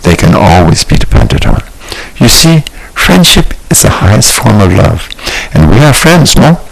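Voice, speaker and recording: A man reading an audiobook, voicing a warm, dramatic adult man friend, earnest and theatrical. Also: on the low side, sing-song, a little slow, vocal fry, slight background noise, pitched above the performer's own voice, heavily acted, low-quality recording. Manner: earnest, theatrical, sprinkles Spanish phrases. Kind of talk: audiobook character voice.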